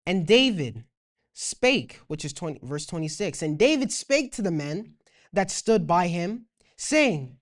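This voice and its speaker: A woman's voice: medium pitch, sing-song, a little slow. A woman with a Toronto accent teaches a casual Bible lesson. She reads the old scripture aloud, then retells it in everyday slang. Her voice sits mid-range and moves up and down a lot. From Canada.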